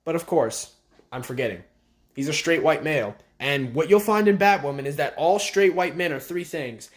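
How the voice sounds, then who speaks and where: A man with a slightly high voice recaps a TV episode in a sarcastic, profane rant. He sounds exasperated and talks casually to the camera. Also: normal speed. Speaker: video commentator. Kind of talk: ranting TV show recap.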